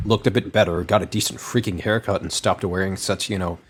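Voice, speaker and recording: A man's voice: low voice, steady tone, a little fast. A man co-hosting a podcast commentary, lecturing in a sarcastic tone. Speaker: commentary co-host.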